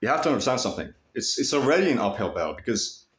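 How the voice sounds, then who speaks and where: A man's voice: mid-range voice, sing-song, racing, echoey room. A man telling a story in a casual, profane vlog monologue, mimicking other people mockingly. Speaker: vlogger.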